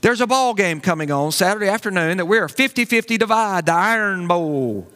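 A man preaching a sermon as pastor, animated and conversational, with folksy asides to the congregation. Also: high-pitched, brisk, smooth, in a large hall.

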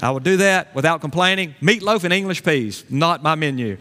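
Folksy preacher in a reverberant hall. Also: male voice, fairly quick. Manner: folksy, animated preaching that drops to a low prayer. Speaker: pastor. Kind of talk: sermon. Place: church sanctuary.

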